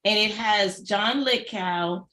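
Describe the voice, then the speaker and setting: A middle-aged woman co-hosting a casual chat review, chatty and exclaiming with quick asides. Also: medium pitch, sharp tone, reverberant. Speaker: co-host.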